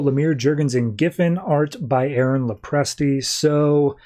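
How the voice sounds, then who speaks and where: A man's voice: fairly high pitch, measured pace, dark tone, soft background music. A man hosting a podcast, chatty as he recaps comics scene by scene. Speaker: podcast host. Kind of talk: casual comic book recap.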